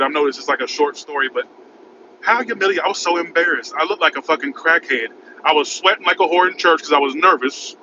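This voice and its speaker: A man's voice: fairly high pitch, pushed and bright. Frantic rambling man in a car. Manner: rambling, frantic, repeats "oh my God". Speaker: vlogger. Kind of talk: casual storytelling vlog. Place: in his car by a highway. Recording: muffled with road noise.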